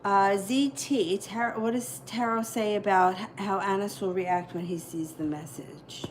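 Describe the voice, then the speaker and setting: A woman's voice: medium pitch, steady tone, a little slow, slight background noise, low-quality recording. A woman doing live tarot readings, answering viewer questions in a loose, chatty way. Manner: casual, explains readings conversationally with fillers. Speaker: tarot reader.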